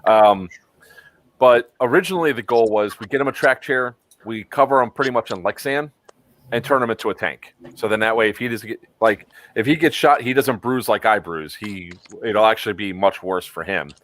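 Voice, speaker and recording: Low, rambling man hosting a stream. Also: moderate pace, a bit bright, no echo. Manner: rambling, with frequent ums. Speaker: stream host. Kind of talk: casual chat.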